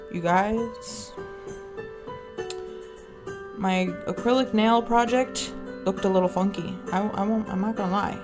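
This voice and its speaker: Unhurried woman crafter over guitar music. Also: medium pitch. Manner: chatty, with many fillers. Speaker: craft channel host. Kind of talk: casual craft tutorial.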